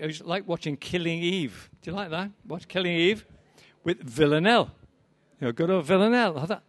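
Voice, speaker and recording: A man's voice: high-pitched, normal speed, long pauses, no room sound. An older man giving a live poetry reading, with wry, rambling, self-deprecating asides to the audience. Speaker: poet performing to an audience.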